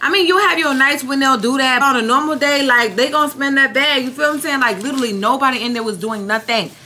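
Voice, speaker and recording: A woman's voice: sits high, fast talker. Chatty young woman vlogging to her phone. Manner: chatty, animated, says "y'all" constantly. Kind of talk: casual vlog chat to camera. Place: indoors, room with loud air conditioner. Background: air conditioner hum.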